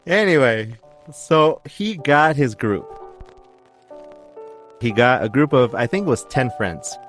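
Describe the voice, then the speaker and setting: A man's voice: mid-range voice, animated, slow pace, fairly bright tone, faint music behind. A man hosting a podcast, telling a mystery story in a rambling, chatty way, often correcting himself mid-sentence. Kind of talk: casual storytelling chat.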